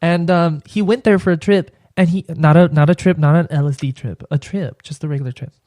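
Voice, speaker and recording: A young man with a Mexican Spanish accent chats casually as a podcast guest, often hesitating and repeating himself. His voice is a little high and a little mellow, and he talks fairly quickly. There's no echo on the recording.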